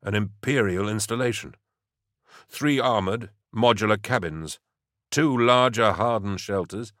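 A man's voice: lowish voice, a little slow, a bit bright, no echo, clean studio sound. A man voicing a stern male commissar who leads his troops in clipped, commanding orders. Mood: measured. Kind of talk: audiobook character voice.

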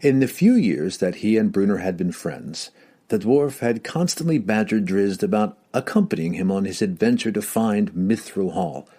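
A man narrating a fantasy audiobook with an expressive storytelling delivery. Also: lowish voice, moderate pace, breathy edge.

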